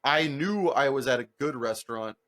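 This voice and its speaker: A young man telling stories on a podcast in a casual, animated way, with heavy swearing, lots of filler words and acted-out voices of the people in his stories. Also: mid-range voice, moderate pace. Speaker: podcast co-host. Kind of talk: casual storytelling chat.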